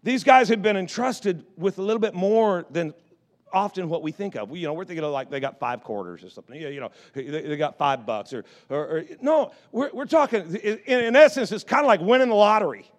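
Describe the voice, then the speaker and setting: A male pastor telling a story in his sermon. He is animated and often repeats words and restarts his sentences. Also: high-pitched, fairly quick.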